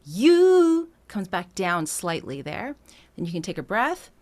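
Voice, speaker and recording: A woman's voice: lowish voice, sing-song, moderate pace, fairly bright tone. A woman vocal coach talking through breath choices in a singing lesson, now and then singing short lines to demonstrate. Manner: explanatory, breaks into sung demonstrations, laughs lightly.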